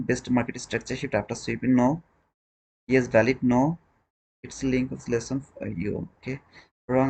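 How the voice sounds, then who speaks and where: A man teaching a trading lesson on a live stream, questioning viewers and repeating his points in non-native English phrasing. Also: medium pitch.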